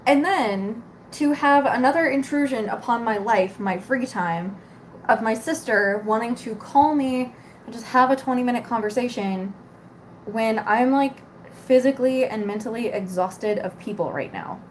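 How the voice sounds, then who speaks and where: A woman's voice: on the high side, moderate pace, slight background noise. A woman in her twenties ranting casually, exasperated, sarcastic and full of swearing. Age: 20s. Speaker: cosmetics store worker. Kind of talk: casual venting rant.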